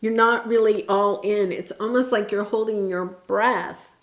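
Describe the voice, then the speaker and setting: A woman's voice: medium pitch, fairly even intonation, measured pace, echoey room. A woman giving a casual tarot reading, talking in an earnest, reassuring way with many fillers and restarts. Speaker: tarot reader.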